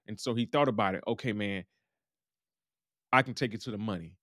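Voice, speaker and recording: With a mid-range, fairly bright voice and a fairly quick delivery, a man chats his way through a recap of a TV episode, acting out the characters as he goes. It's a casual monologue, studio quality with no room sound.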